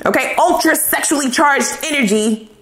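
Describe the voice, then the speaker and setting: Her high voice moves at a moderate pace, and the room gives it a spacious sound. She reads tarot casually for the camera, cursing often and talking bluntly in thick slang with lots of energy.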